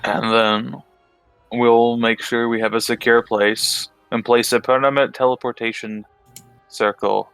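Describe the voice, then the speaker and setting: A man narrating as game master, halting and thinking aloud as he explains a plan. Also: medium pitch, little pitch movement, vocal fry, fairly bright tone, clear, resonant tone, dry recording, soft background music.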